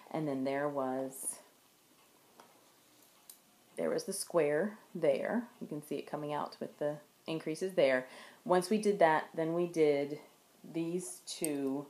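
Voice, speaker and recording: A woman with a deep, darkish voice hosts a knitting video podcast, chatting casually in a show-and-tell style. She meanders and corrects herself while holding her work up to the camera in front of her, and the room has a noticeable echo.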